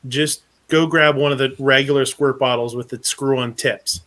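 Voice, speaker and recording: Male host, casual chat, rambling anecdote, swears, laughs a lot, medium pitch. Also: fairly even intonation, fairly quick, a bit bright. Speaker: podcast host.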